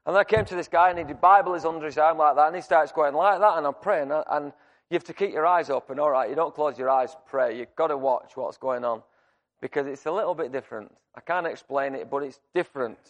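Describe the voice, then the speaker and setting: A man preaching a sermon, speaking in a somewhat high voice. He tells a personal story in a loose, conversational way, full of restarts. Now and then he raises his voice to act out the scene. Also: a little fast. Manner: shouts to act out screaming.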